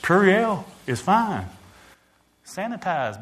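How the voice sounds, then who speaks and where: Preacher guy, voice jumps all over, bit high, gets loud then hushed. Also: very animated, slow. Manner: preaching with call-and-response, loud swells and quiet drops. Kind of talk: sermon.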